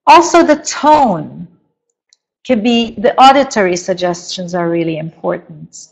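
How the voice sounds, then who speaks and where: A middle-aged woman coaching parents in a webinar lecture, explaining slowly and deliberately, with emphatic stresses. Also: medium pitch, expressive, creaky, low-quality recording.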